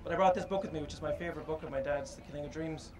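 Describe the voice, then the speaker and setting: A man giving an informal public speech at a statue unveiling, halting and reflective, with frequent pauses and fillers. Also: on the high side, low-quality recording. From Ireland.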